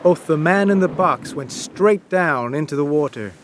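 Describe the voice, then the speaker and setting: A man narrating a classic story as an audiobook, reading in a slow, simple, clear way. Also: on the high side, lively intonation, a little hiss or hum.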